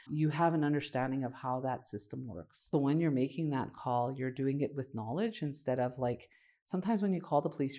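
A woman's voice: very deep voice, warm tone. A woman leading a community organization, explaining its programs and telling stories in an earnest, conversational way. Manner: earnest and conversational, often adds "right?". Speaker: executive director of a community organization.

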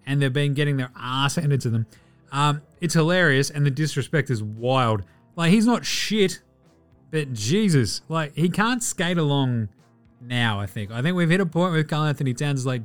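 A slightly high-voiced Australian man hosting a basketball podcast in a loose, profane, joking way. He rattles off stats and slips into quick mock voices, with faint music running underneath. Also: animated. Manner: profane, joking, mimics players in asides. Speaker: podcast host. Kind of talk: casual sports chat.

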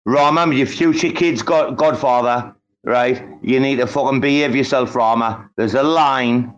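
A man's voice: medium pitch, steady tone, moderate pace. Swearing man on a dull lo-fi call. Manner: profane, teasing, repeats names and "mate", "bro", "son". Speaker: speaker in a live audio chat room. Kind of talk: casual banter.

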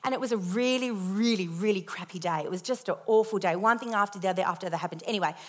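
A young woman telling a lively personal testimony with self-deprecating humor as part of a sermon. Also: mid-range voice, rapid-fire.

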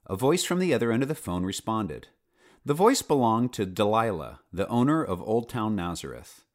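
A man's voice: fairly low pitch, moderate pace. A man narrating a children's storybook with playful asides to the listener. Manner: lively storyteller, playful asides, does character voices. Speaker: audiobook narrator.

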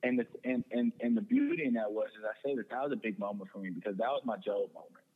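A man's voice: lowish voice, sing-song, fast talker, husky. A young man telling a personal story in an earnest way, often repeating words and restarting. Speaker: guest. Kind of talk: personal testimony in conversation. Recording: tinny phone-like sound with long reverb.

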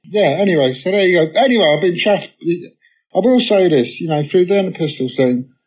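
Brisk and high, with a breathy edge, this man's voice comes through a low-quality recording. He's a musician appearing as an on-stage interview guest, spinning chatty stories full of "you know" and lively quotes of what others said.

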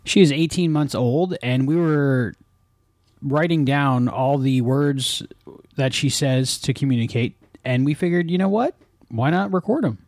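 A woman's voice: rumbling low, a little slow, a little mellow, no room sound. A woman hosting a casual home podcast, patiently coaxing a toddler to say words. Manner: patient, encouraging, repeats simple questions. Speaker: podcast host.

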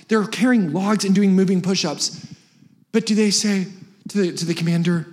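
An energetic young man delivers a sermon from a church stage. His voice sits high for a man, and he talks fast and playfully, jumping up into sudden exclamations. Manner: animated, humorous, rapid-fire with sudden high-pitched exclamations. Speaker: guest preacher. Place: church sanctuary.

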